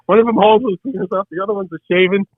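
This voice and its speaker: Over phone-quality sound with a slight hiss or hum, an older man with a high voice, the hosts' father, tells a casual story. He rattles it off excitedly and mimics the lines of the people involved.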